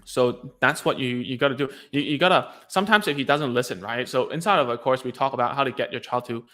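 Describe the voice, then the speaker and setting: A man's voice: medium pitch, fast talker, bright, forceful tone. A man coaching parents on their child's speech, talking in a loose, chatty way with frequent restarts and casual slang. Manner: loose and chatty, lots of fillers and restarts, says "dude". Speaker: speech therapy coach answering parents' questions. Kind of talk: casual advice video.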